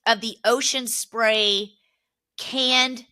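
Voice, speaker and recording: A young woman co-hosting a podcast, telling family stories in a casual, animated way, laughing often and acting out what relatives said. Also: a little high, drawn-out words. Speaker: podcast co-host. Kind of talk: casual chat, storytelling.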